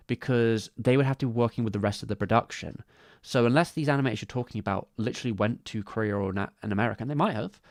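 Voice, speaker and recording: A man's voice: mid-range voice, a little mellow, no echo, clean studio sound. A man streaming live, talking casually about animation credits, with many restarts and asides. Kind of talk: casual livestream commentary.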